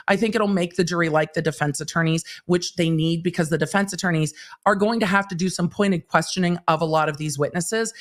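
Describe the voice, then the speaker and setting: A woman hosting a casual livestream, recapping a trial in a chatty way, acting out quotes as she retells them. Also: medium pitch. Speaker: legal commentator and livestream host.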